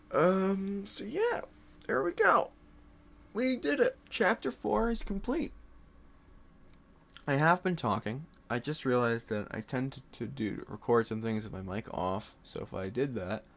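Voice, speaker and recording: A medium-pitched young man talks his way through a solo board game, cursing, laughing and addressing the pieces directly.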